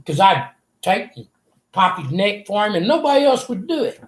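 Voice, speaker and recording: A man's voice: high-pitched, very animated, normal speed. An older man, earnestly telling a rambling personal story in an interview. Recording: echoey room.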